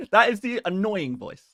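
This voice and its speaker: A man with a fairly high voice hosting a casual live stream. He rambles, sounds exasperated, and pokes fun at himself as he answers his chat. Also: big pitch swings, a little slow, pushed and bright, no echo, studio quality. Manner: rambling, exasperated, self-mocking.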